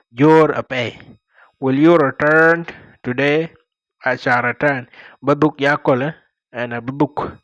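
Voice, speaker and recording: A man's voice: on the high side, dry recording, muffled recording. A man with a Dinka accent teaching a language lesson, repeating each phrase and explaining it word by word.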